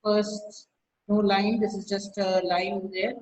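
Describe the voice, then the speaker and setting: A woman's voice: medium pitch, flat delivery, unhurried, darkish tone, a little hiss or hum, poor audio. A woman teacher dictates notes to an online class over a video call. She repeats each phrase and calls out the punctuation, then sharply scolds students by name.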